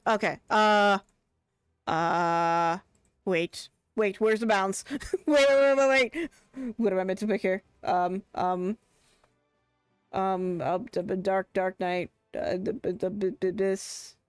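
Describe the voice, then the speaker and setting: A woman streaming a game live, chatty and excitable, thinking aloud and restarting her sentences. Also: medium pitch, takes it slowly, clear, resonant tone, no echo, faint music behind. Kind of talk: casual live gaming commentary.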